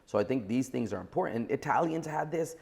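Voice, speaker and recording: Gravelly-voiced blunt man in his forties. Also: medium pitch, lively intonation, fast, darkish tone. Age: 40s. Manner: blunt, emphatic opinions. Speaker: entrepreneur guest. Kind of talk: podcast interview.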